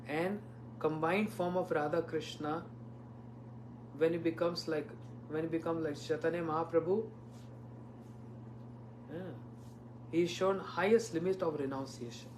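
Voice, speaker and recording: Man, monk giving a storytelling devotional lecture; voice sits a touch high. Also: fairly even intonation, measured pace, pauses often, slight background noise. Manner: storytelling, asks listeners rhetorical questions. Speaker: visiting monk preacher.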